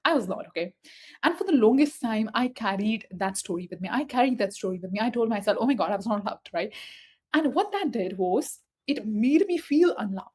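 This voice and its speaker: A woman's voice: fairly high pitch, lively intonation, normal speed, breathy edge. A woman giving a motivational spiritual talk, speaking emphatically and repeating key phrases straight to the listener. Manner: emphatic, repetitive, addresses listener directly.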